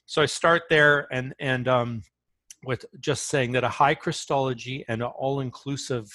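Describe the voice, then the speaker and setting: A man's voice: medium pitch, steady tone, a little slow, sharp tone, dry recording. A man speaking as an author in an interview, talking earnestly and often restarting his phrases as he tells a story.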